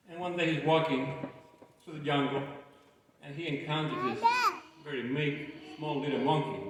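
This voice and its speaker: A man deacon giving a homily in a church. He talks in a halting way with restarts and light jokes. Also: medium pitch, a bit bright, a little hiss or hum. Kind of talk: sermon. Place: large church. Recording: echoey church hall from far off.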